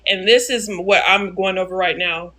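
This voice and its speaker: Bright-voiced woman hosting a live tutorial. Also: medium pitch, fairly even intonation, normal speed. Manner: narrates each click, repeats steps, answers chat. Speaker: live-stream tutorial host. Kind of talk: casual live-stream software walkthrough.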